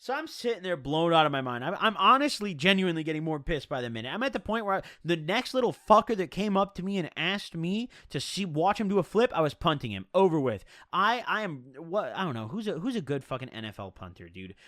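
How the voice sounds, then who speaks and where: A man's voice: fairly high pitch, big pitch swings, quick pace, hardly any pauses, sharp tone, dry recording, clean studio sound. A young man telling a rambling, profane story to his viewers in casual slang.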